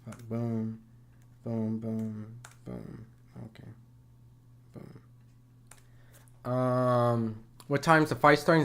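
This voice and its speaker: A man commenting on a boxing match in a livestream. He talks casually, swears, and argues with viewers' comments. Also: medium pitch. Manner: conversational, profane, argumentative.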